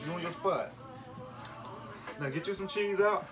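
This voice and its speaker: A man's voice: high-pitched, unhurried. A man, a father, chatting casually in a home kitchen as he cooks with his young daughters, patiently coaxing and directing them. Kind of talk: casual cooking vlog chat. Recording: voice from a distance over loud music.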